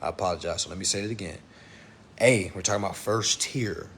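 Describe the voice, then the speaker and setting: A man giving a casual livestream lesson, blunt and profane, talking fast and addressing his viewers directly. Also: deep voice, fairly bright tone, a little hiss or hum. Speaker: online instructor.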